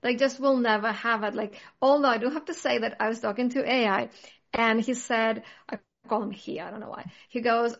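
Earnest woman with a slightly high voice. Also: steady tone, fairly quick, gravelly, highs cut off. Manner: earnest, reflective, many "like" fillers. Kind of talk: casual chat.

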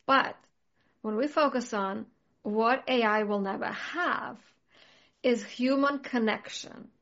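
A woman's voice: a little high, takes it slowly, a bit bright, highs cut off. A woman in casual conversation, talking earnestly and reflectively, with many "like" fillers. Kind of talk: casual chat.

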